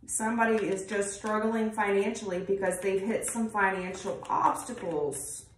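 A woman works through a casual tarot reading in a blunt, rambling way, swearing freely. Her voice sits at a middling pitch and carries a roomy echo. She is some way off the mic, with a faint hiss of noise underneath. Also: fairly even intonation, moderate pace, distant mic. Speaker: tarot reader.

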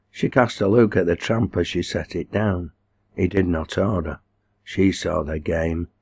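A man reading a novel aloud in a measured, even narration. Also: deep voice. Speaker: audiobook reader. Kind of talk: scripted narration.

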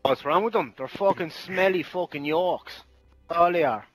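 A man's voice: a little high, moderate pace, dry recording, soft background music. A man in online game voice chat, hurling insults and threats in a furious argument.

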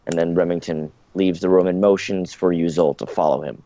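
A man's voice: low voice, steady tone, a little fast, warm tone, lo-fi sound. A man running a tabletop game as game master, narrating with frequent uh and um. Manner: hesitant, lots of uh and um.

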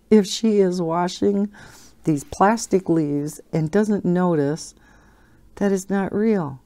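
Woman host, casual coloring chat, slow and easygoing, rambling with frequent laughs. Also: lowish voice, warm tone. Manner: chatty, rambling, laughs often.

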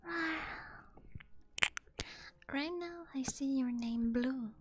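A woman streaming whispered role-play ASMR as a playful demon catgirl, speaking in soft giggly whispers and teasing her chat on a binaural microphone. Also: high-pitched, takes it slowly.

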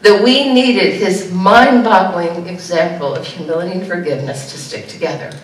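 A woman pastor giving an animated sermon, jumping to high exclamations now and then. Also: moderate pace. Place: church sanctuary. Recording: echoey church room heard from a distance.

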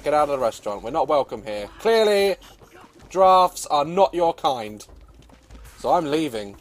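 A young man giving excitable, swearing gameplay commentary, with frequent laughter and shouts. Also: high-pitched. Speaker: gaming video host.

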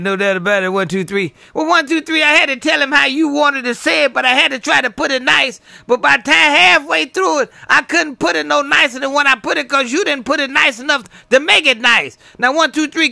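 A man's voice: extremely high pitch, brisk, vocal fry, hardly any pauses, pushed and bright, no room sound. A man chatting on CB radio, trading playful banter full of call signs and sign-offs. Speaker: CB radio operator.

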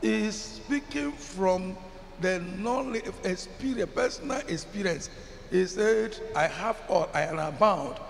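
A man with a Nigerian English accent preaches as a pastor, his high, gravelly voice moving slowly with a slight hiss or hum. He chants some phrases emphatically and puts questions to the congregation. A long reverb fills the large hall, with faint ambience behind him.

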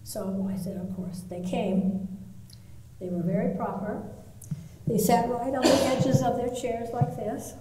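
A woman artist telling a long story in a live talk, pausing often with fillers. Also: on the high side, steady tone, background noise. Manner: anecdotal, with pauses and fillers. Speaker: artist interviewee. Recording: echoey hall, mic from far off, faint ambience.

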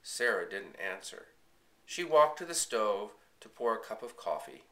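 A man's voice: fairly low pitch, sing-song, measured pace, a bit bright. A man reading a children's chapter book aloud, narrating expressively in the first person. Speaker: audiobook reader. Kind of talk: storybook reading.

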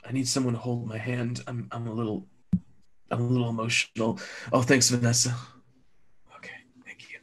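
A theatrical young surfer dude, as a man plays him, gasping and sobbing over a lost friend. His voice is mid-pitched and his grief is played big. The scene is improvised comedy. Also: monotone, a little fast, a bit bright, close to an everyday voice. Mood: emotional. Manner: dramatic, gasping, overly emotional, sings off-key. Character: emotional young male surfer mourner.

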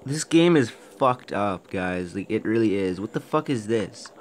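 A young man giving let's-play commentary on a horror game, jumpy, swearing a lot and shouting when startled. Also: on the low side, very animated, takes it slowly, gravelly, a little hiss or hum. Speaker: gaming YouTuber.

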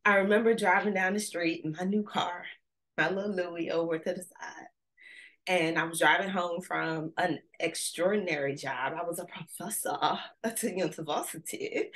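A woman giving an energetic, playful motivational talk with call-and-response to a virtual audience. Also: lowish voice, moderate pace. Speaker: conference speaker.

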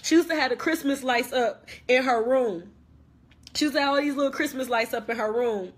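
Young woman, high husky voice, emphatic and repetitive live-stream rant, hurt but defiant. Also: a little fast. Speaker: livestreamer. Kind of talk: impassioned casual live video rant. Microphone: phone on a live stream.

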